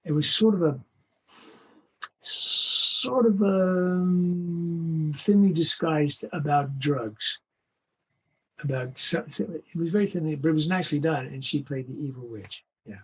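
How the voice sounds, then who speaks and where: An older male voice actor telling animated anecdotes in an interview, acting out the voices of the people he quotes. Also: fairly high pitch, unhurried, breathy edge. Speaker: guest voice actor. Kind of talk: storytelling interview.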